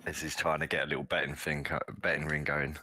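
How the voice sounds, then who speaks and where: A man's voice: extremely low pitch, flat delivery, fast, sharp tone, a little hiss or hum. A man playing in a tabletop game who hesitates as he describes what his character does. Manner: hesitant, full of "uh"s. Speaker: player.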